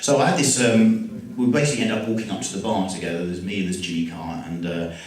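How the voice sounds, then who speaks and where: A man's voice: sits low, fairly even intonation, fast talker. An English man doing chatty, self-deprecating stand-up comedy to a live audience in a school hall, bantering with the crowd. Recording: echoey hall, mic from far off.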